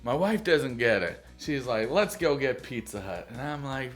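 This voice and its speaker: A man talks through a movie in a casual, rambling way, joking at his own expense and swearing freely. His voice sits in an ordinary middle range. Faint music plays quietly behind him. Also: mid-range voice, animated, normal speed, hardly any pauses. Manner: loose, profane, jokey, self-mocking. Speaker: movie reviewer.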